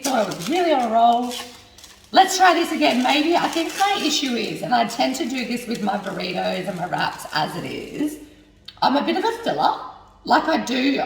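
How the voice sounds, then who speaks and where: A woman's voice: on the high side, vocal fry, slight background noise. A young woman making a cooking vlog, chatting and thinking aloud as she cooks and swearing when things go wrong. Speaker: cooking vlogger. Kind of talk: casual cooking chat. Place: home kitchen. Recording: echoey kitchen, mic at a distance.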